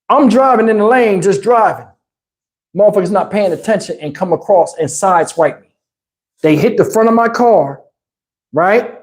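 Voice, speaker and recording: A man telling a profane road story on his channel, animated and cussing, acting out everyone involved. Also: high voice. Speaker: channel host.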